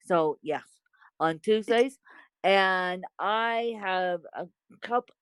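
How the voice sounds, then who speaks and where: A woman's voice: medium pitch, extremely slow, clean tone, no room sound, poor audio. A woman hosting a podcast in casual chat, rambling and repeating herself with frequent laughs. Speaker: podcast host.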